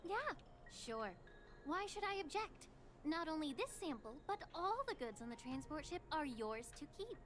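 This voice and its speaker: An actress voicing a calm, dryly teasing female port official in a game. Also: sits high, moderate pace, slight background noise. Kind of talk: game voice acting.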